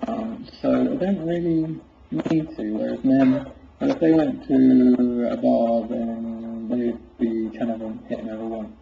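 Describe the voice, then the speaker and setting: A man's voice: medium pitch, steady tone, unhurried, gravelly. A man in an online voice chat, answering a rant with dry, sarcastic teasing. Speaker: voice chat participant. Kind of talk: casual mocking chat. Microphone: computer mic in voice chat. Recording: roomy, dull lo-fi voice chat with faint hiss.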